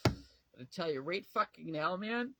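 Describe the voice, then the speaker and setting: A man's voice: high voice, lively intonation, a little slow, noisy background. A tired man venting to camera at home in a rambling, profane, emotional way, often trailing off and restarting. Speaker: vlogger. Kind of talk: casual talk to camera.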